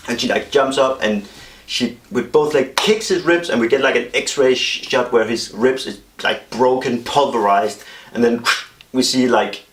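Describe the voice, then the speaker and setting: A man talking casually as he pitches a movie idea, rambling along with many fillers and restarts. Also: echoey room.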